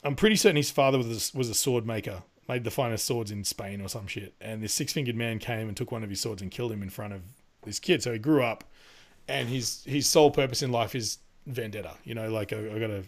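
A man's voice: mid-range voice, brisk. A man in casual podcast chat, rambling with lots of fillers, laughing and swearing as he talks. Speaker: podcast co-host.

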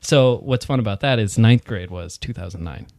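A man's voice: fairly low pitch, normal speed, creaky, a little mellow, no echo. A young man chatting as a podcast guest, goofy and laughing often. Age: young adult. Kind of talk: casual chat.

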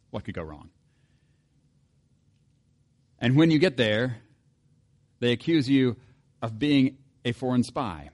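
A pastor preaching a sermon in a conversational way, often putting rhetorical questions to the congregation and reading scripture aloud. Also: male voice, mid-range voice, darkish tone.

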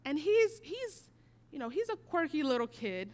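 A woman preaching a sermon, telling a personal story and moving from hushed, quiet passages to emphatic declarations. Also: high-pitched, big pitch swings, normal speed.

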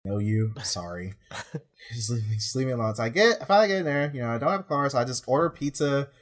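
A man's voice: mid-range voice, quick pace. Exasperated young man telling a story. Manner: rambling, exasperated, deadpan storytelling. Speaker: prison officer. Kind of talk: casual storytelling chat.

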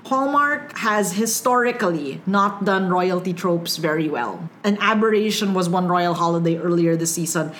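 A woman co-hosting a casual movie chat, gushing and animated, with quick asides and frequent laughter. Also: fairly low pitch, a little hiss or hum. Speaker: podcast co-host reviewing holiday movies.

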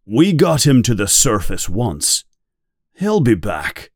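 Man reading as a gruff old shark hunter, short and flat, slow and dry. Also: medium pitch, dry recording, heavily acted. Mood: blunt. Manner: flat, terse, matter-of-fact. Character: gruff veteran male shark hunter, calm and blunt.

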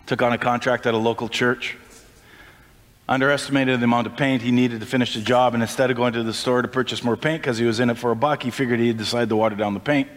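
A man preaching a sermon as pastor, impassioned and climbing in pitch when he stresses a point. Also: long reverb tail. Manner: impassioned, rising pitch on emphasis.

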